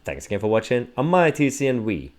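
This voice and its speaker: A man's voice: mid-range voice, very animated, quick pace, darkish tone, a little hiss or hum. A man hosting a political commentary vlog, talking sarcastically and mockingly with chuckling asides. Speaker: host.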